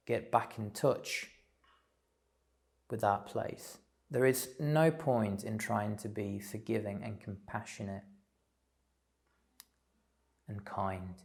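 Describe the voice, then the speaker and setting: A man giving a slow, thoughtful spiritual talk, pausing often with fillers. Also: lowish voice, creaky, darkish tone. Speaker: spiritual teacher. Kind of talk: reflective solo talk.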